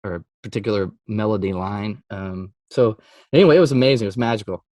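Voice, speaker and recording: A man who is a Christian music artist, telling a story in a casual interview. He acts out quotes with sudden jumps in pitch and laughs often. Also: fast, darkish tone, no echo.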